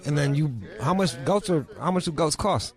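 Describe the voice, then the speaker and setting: A man's voice: fairly high pitch, normal speed. A man hosting a radio show, joking and swearing in casual banter with a guest. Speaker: radio host. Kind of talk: casual chat.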